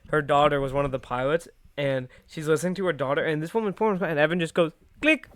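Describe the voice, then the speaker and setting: A man with a somewhat higher voice rambles through a story on a casual podcast. He swears freely, laughs mid-sentence and restarts his thoughts often. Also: quick pace. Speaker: podcast co-host. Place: indoor podcast setup.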